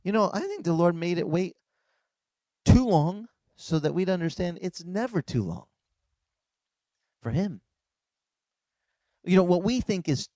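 A male pastor giving a conversational, animated sermon and acting out dialogues. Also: high-pitched, a little slow, long pauses, dry recording. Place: beach church service, outdoors.

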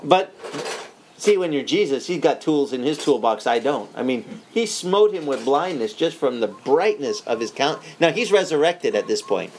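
A man preaching a sermon, telling the story in a lively, joking way, with frequent restarts. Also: fairly high pitch, normal speed, slight background noise, poor audio. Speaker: pastor.

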